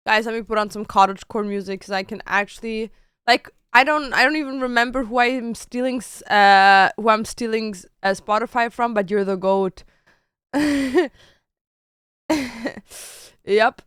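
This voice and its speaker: A woman streamer chatting casually to her viewers at home, expressive and slangy, full of "like". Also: fairly high pitch, moderate pace, clean tone, no echo, clean studio sound. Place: home bedroom.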